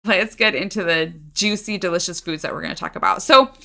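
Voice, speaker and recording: A woman's voice: lowish voice, fairly quick, creaky, bright, forceful tone. A woman co-hosting a food podcast in easygoing casual chat, full of "like" fillers. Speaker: podcast co-host.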